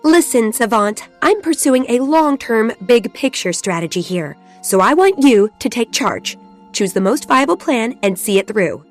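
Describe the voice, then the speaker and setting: An authoritative asura mentor in a fantasy game. Her voice sits a little high and she hands out orders briskly. Soft music plays underneath. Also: big pitch swings. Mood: commanding. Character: commanding female asura mentor. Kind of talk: video game voice acting.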